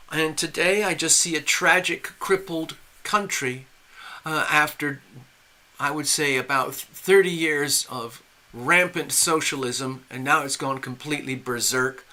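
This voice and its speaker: Man, livestream host; rambling and opinionated, somewhat high, very bright and forceful voice, answers chat as he goes. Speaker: livestream tarot reader. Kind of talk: casual live-stream monologue.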